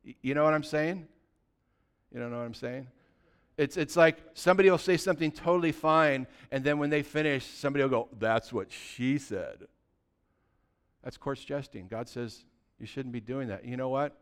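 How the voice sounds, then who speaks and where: A middle-aged man preaching a sermon as pastor, conversational and animated, full of rhetorical questions. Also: fairly high pitch, a little fast, clean tone.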